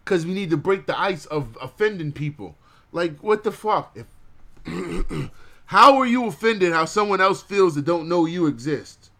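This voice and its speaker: A man's voice: high-pitched, lively intonation, unhurried, vocal fry, pushed and bright. A man hosting his own podcast, ranting bluntly and profanely to his live chat and laughing at his own jokes. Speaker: podcast host.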